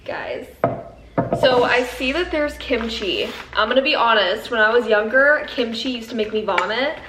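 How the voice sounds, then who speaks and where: A woman's voice: on the high side, normal speed. Chatty young woman vlogging, echoey and noisy. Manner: chatty, giggly, talks to viewers as friends. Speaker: lifestyle vlogger. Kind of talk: casual vlog chat to camera. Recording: echoey, off-mic, noisy background.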